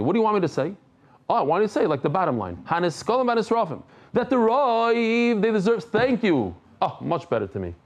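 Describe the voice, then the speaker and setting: A man's voice: sits high, a little mellow. A man giving a daily Talmud class in a conversational, humorous way, mixing Hebrew and Aramaic terms into his English. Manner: humorous asides. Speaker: Talmud teacher.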